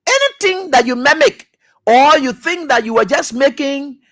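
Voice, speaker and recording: High-pitched preaching Liberian man. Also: lively intonation, moderate pace. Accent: Liberian English. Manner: emphatic, repetitive, preacher-like, swings between loud shouts and low mutters. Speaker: radio talk show host. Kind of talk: preaching commentary.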